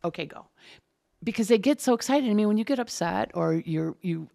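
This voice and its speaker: A woman's voice: medium pitch, a little fast, gravelly. A woman working as a closed captioner, talking casually and animatedly as a guest in an interview. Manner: chatty, animated storyteller.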